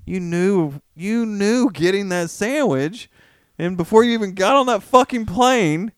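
A man in loose, profane conversation, venting with exasperated rants. His voice is smooth and resonant, recorded close and dry with no room sound. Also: high-pitched, lively intonation, a little slow, no echo. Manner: heavy swearing, ranting, exasperated. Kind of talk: casual profane chat. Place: New York.

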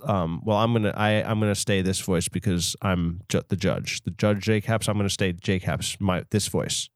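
A man putting on a low, gruff voice as a stern, self-important judge. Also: moderate pace, dry recording, clean studio sound. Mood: bossy.

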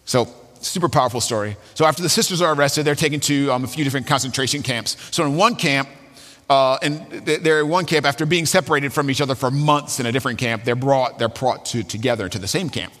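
A man's voice: medium pitch, fast, a bit bright, in a large hall. A man preaching a sermon as a pastor, telling a story with fillers and restarts.

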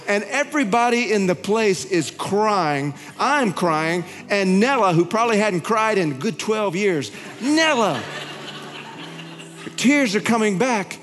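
Man preaching in a reverberant church. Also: measured pace. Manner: animated storytelling, voice climbing high when excited. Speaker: pastor. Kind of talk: sermon. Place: large church hall. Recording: hall reverb with faint music.

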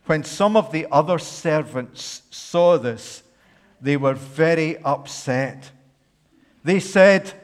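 A pastor with a somewhat high voice tells a parable with playful, animated asides. He speaks slowly and deliberately, and the long echo of a large church hall trails each phrase. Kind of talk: sermon with a dramatized parable reading.

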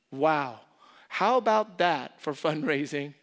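A man preaching a sermon as pastor, impassioned, repeating key phrases and swinging from loud emphasis to soft, intimate asides. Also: fairly high pitch, measured pace.

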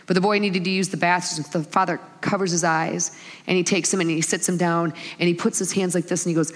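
A middle-aged woman preaching a sermon, telling stories with lively acted-out quotes. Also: lowish voice, fast. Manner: animated storytelling with acted-out quotes. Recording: long hall reverb.

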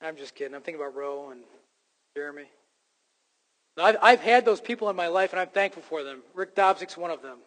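A man delivers a sermon from the pulpit, emphatic and earnest, slipping in wry jokes at his own expense. His voice sits fairly high for a man. The sound rings with the long reverb of a church sanctuary. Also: animated, a little fast, a bit bright. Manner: emphatic preaching with self-deprecating jokes. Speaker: pastor.

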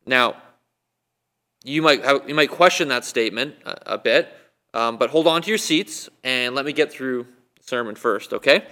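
Bright-voiced man preaching with many questions. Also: mid-range voice, animated, moderate pace. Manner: conversational, asks the listeners many questions. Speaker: guest preacher. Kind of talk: sermon. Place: church, recorded for online viewing.

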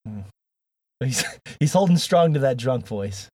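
A man's voice: medium pitch, animated, measured pace, mellow, slightly rough, dry recording. A man hosting a podcast, rambling through jokes and laughing often. His voice sits mid-range and sounds close and dry. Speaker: podcast host. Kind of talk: casual chat.

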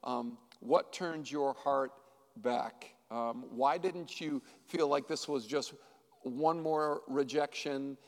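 Slow-speaking pastor asking questions. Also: male voice, mid-range voice, big-room sound. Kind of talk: interviewing a couple.

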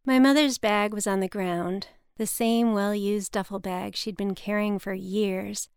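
A woman narrating her own personal story in a measured, scripted reading style, recorded close to the mic. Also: medium pitch, fairly even intonation, a little mellow, clean tone, no echo.

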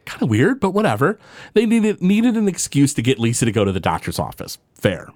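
A man's voice: mid-range voice, very animated, a little fast, darkish tone, no echo, clean studio sound. A man co-hosting a podcast, casually recapping a cartoon episode and slipping into playful voices as he retells scenes. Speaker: podcast co-host.

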